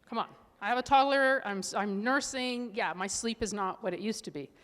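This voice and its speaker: A woman's voice: a little high, a little fast, hardly any pauses, fairly bright tone. A middle-aged woman, a holistic nutrition coach, giving a presentation talk with a candid, earnest personal story and frequent restarts. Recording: long hall reverb.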